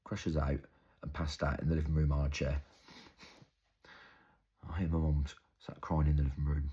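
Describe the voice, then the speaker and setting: A young man performing an intense, halting, improvised dramatic monologue. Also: rumbling low, flat delivery, dark tone, breathy edge, muffled recording. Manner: intense, halting, storytelling with heavy swearing. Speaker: actor.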